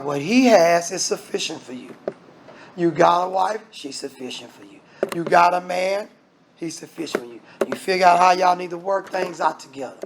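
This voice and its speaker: A man preaching a lively sermon, firing off rhetorical questions and acting out voices. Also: high-pitched, creaky, noisy background.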